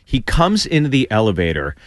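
A stand-up comedian on a radio show tells an animated story, acting out the voices of its characters and restarting often. His medium-pitched voice swoops wildly and moves at a brisk clip. It's captured on a studio mic in a radio studio, with studio quality and no room sound.

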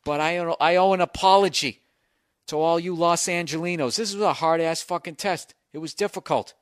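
A middle-aged Boston man rants through a comic story on his podcast, swearing freely and acting out his own panicked thoughts. His voice sits a bit high for a man, and the close mic sounds dry with no room around it. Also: normal speed, no echo. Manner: profane, animated storytelling with self-mocking inner voices. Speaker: podcast host. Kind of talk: comic monologue.

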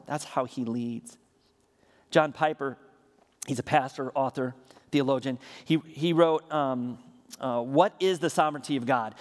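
A male pastor preaching a sermon with energy, building to emphatic repeated refrains and often stumbling into quick restarts. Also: mid-range voice. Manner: frequent stammered restarts. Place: church sanctuary. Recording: reverberant church hall.

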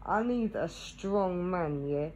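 A woman's voice: lowish voice, animated, slow, noisy background. A woman, chatting casually to camera, tagging nearly every phrase with "yeah?" and laughing between thoughts. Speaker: vlogger.

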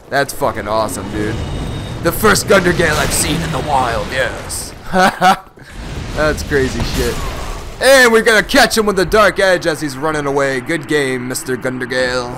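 A young man giving excitable, profane live commentary over his own gameplay, often bursting into shouts. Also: medium pitch, noisy background. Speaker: gaming channel host.

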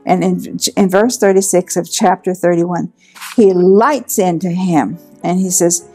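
A woman's voice: on the low side, a little slow, soft background music. Woman retelling a Bible story with verve. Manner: lively storytelling, acting out quotes. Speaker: Bible teacher.

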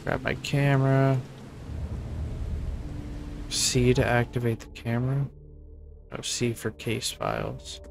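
Sarcastic, swearing gaming host. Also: male voice, medium pitch, little pitch movement, takes it slowly, vocal fry, pauses often, a little hiss or hum. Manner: profane, joking, sarcastic. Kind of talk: casual gameplay commentary.

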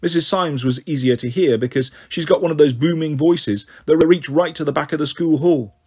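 A man reading a children's novel aloud as a storyteller, in an even, measured way. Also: fairly high pitch, husky.

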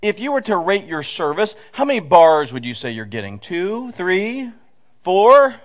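A man preaching from the pulpit of a church, with a pulpit microphone. He talks in a folksy, storytelling way, full of asides and rhetorical questions to the congregation, and his voice sits a little on the higher side for a man. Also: huge pitch swings, a little fast, dull audio. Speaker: pastor. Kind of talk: conversational sermon. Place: church sanctuary.

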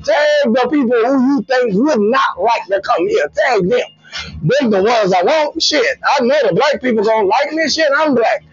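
A comedian with a New Orleans accent hosting a live stream, loudly greeting viewers by name in playful banter. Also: male voice, very high voice, breathy edge, no room sound, highs cut off. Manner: loud, playful, shouts out commenters, sing-song theme chants.

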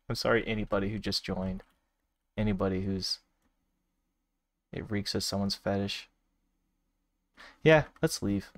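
A man streaming a virtual world game, reacting out loud in casual commentary with laughs and exclamations. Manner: laughing, exclaiming, sudden high squeals. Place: at home at a desk.

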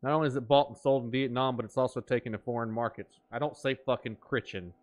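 A man's voice: mid-range voice, fairly even intonation, fast. A man streaming a game, joking and riffing in playful banter with his chat. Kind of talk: gaming stream commentary.

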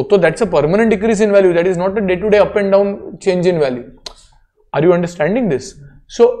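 A man's voice: high-pitched, darkish tone. A man with an Indian accent giving a classroom accounting lecture, explaining step by step and checking in with students.

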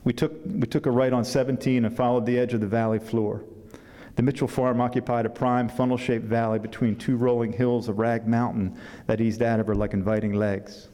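In a reverberant event hall, a man with a mellow, mid-range voice reads aloud from his own novel at a book fair. He stays steady on the page, though his off-script remarks come out halting and padded with fillers.

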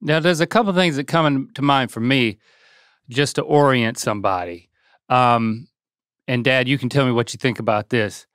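Wry middle-aged man, smooth, dry voice. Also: mid-range voice, moderate pace, fairly bright tone, dry recording. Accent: Southern US, softened. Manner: wry, joking. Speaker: podcast co-host. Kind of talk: casual chat.

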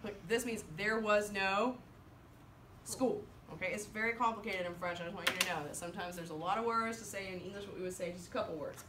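Animated woman teaching in an echoey classroom. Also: medium pitch, far from the mic, background noise. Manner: animated, leads choral reading with slow drawn-out words and countdowns. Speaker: French teacher.

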